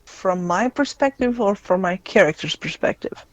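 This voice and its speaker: A young adult player chats casually on a stream in a middle-range voice. Playful and quick to laugh. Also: medium pitch, animated, no echo, lo-fi sound. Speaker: guest player.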